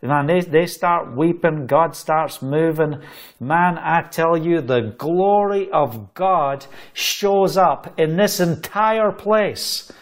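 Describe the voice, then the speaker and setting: Taking his time, a Scottish itinerant preacher gives his testimony in a voice on the higher side. He tells it as lively, animated storytelling, with laughs scattered between his phrases.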